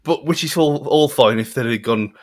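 Speaking at a moderate pace in a mid-range voice, a man co-hosts a podcast and talks about a film in a casual, wry way. His review chat tends to ramble and trail off.

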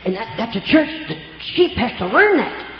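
Folksy old preacher man, lively high voice. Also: moderate pace, over music. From Oklahoma. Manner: homespun, rural grammar, animated. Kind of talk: folksy storytelling sermon. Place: church. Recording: echoey church room, dull lo-fi sound.

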